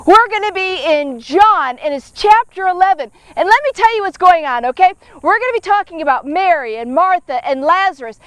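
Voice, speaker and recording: A woman's voice: very high voice, dry recording. A woman giving a casual devotional Bible teaching, talking conversationally and often checking in with "okay?" and "all right?". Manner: dramatic, acts out the people in the story.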